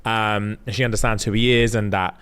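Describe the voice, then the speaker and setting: A man's voice: on the low side, little pitch movement, fairly quick, fairly bright tone, clean tone. Male podcast host, slangy and sweary, casual storyteller.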